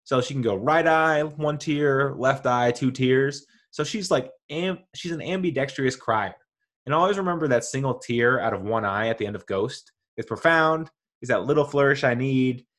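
A man with a middle-pitched voice hosts a casual podcast monologue. He talks in a chatty, enthusiastic way, wanders off on tangents and stops to correct himself mid-sentence. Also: normal speed, fairly bright tone. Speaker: podcast host. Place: home with dogs nearby.

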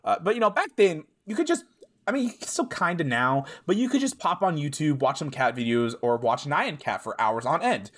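A man's voice: a little high, very animated, brisk, fairly bright tone. A man co-hosting a podcast, rambling casually with lots of asides and filler words. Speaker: podcast co-host. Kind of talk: casual chat.

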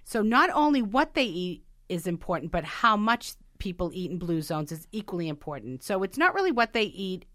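A woman's voice: on the low side, sing-song, brisk, hardly any pauses, fairly bright tone, no echo, studio quality. A woman chatting casually on a talk show, going through points from a list and adding her own stories.

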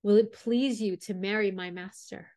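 An earnest young prince from a fairy tale, read by a woman, devoted and a little gloomy. He speaks at a middle pitch, sincerely and without fuss. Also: steady tone, normal speed, a little mellow, no room sound, clean studio sound, natural voice.

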